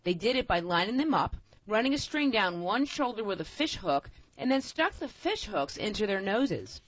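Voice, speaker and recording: A woman's voice: medium pitch, big pitch swings, moderate pace, dry recording. A woman telling tall tales in a playful, folksy storytelling manner and explaining word origins. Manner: playful folksy yarn-spinner. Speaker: storyteller and co-host. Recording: dull lo-fi recording, dry.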